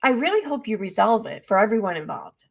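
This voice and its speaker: A woman's voice: medium pitch, sing-song, fairly quick, gravelly. A woman streamer giving casual reaction commentary, blunt, sarcastic and profane, rambling as she reacts to clips.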